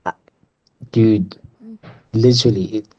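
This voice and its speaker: A South African man sending an earnest voice note, halting and restarting as he talks. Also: lowish voice, steady tone, mellow. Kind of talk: recorded voice note. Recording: dull lo-fi voice note.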